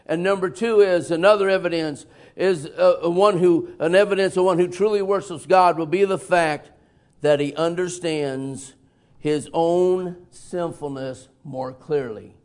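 A man preaching a folksy, emphatic sermon in a church, with sudden loud bursts and chuckles. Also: a little high, measured pace. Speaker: pastor. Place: church sanctuary.

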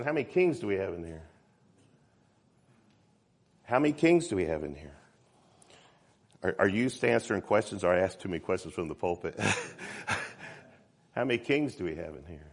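A man preaching a sermon in a church, often asking "amen?" and climbing to loud, fervent peaks. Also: low voice, sing-song, normal speed, long pauses, slightly rough.

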